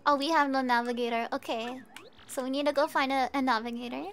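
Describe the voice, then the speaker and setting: A woman streamer chatting casually with viewers while she plays a game, bubbly and quick to giggle. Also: high voice. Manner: bubbly, giggly, easily excited. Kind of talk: casual gameplay chat.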